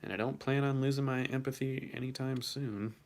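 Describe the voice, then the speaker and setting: A man's voice: mid-range voice, fairly even intonation, brisk, slight background noise. A young man hosting his first livestream, reading chat and reacting casually, swearing now and then, his voice shaking from the cold.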